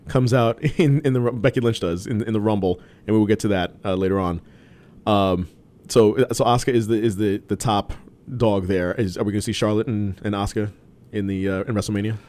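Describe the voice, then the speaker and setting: Rambling low-voiced man chatting wrestling. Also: fairly even intonation, a little fast, darkish tone. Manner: rambling, many restarts and fillers. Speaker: podcast co-host. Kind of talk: casual wrestling chat.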